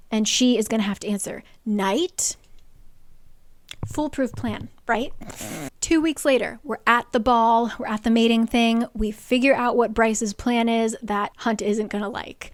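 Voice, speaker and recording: A young woman with a slightly high voice talks through a book's plot in a loose, chatty way. She slips into brief playful voices when quoting characters. The sound is dry and close. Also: no echo. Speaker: book reviewer. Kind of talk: casual plot recap.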